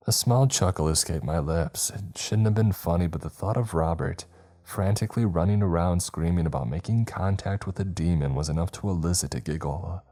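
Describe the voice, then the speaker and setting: A man reading a horror story in first person, measured and dramatic. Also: low voice, warm tone. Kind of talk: scripted narration.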